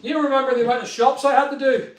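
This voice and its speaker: A man's voice: very high-pitched, little pitch movement, quick pace, very noisy. A middle-aged man, chatting casually on a live stream and greeting viewers by name. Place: studio room being built. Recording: echoey unfinished room.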